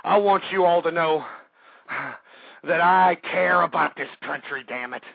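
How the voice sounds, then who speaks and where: A man hosting a talk radio show, delivering an angry ranting monologue that swings between yelling and low muttering. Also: a little slow, gravelly, no echo. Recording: dry, tinny phone-like internet radio audio.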